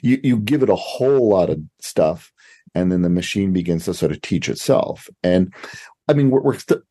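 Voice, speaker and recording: A man hosting a podcast, talking casually in a halting, rambling way. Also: deep voice, animated, mellow. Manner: rambling, halting, restarts often. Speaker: podcast host.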